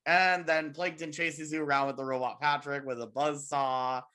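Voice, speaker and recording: A man's voice: fairly high pitch, level tone, moderate pace, pushed and bright. A man hosting a casual podcast, retelling things in long rambling runs. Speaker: podcast host.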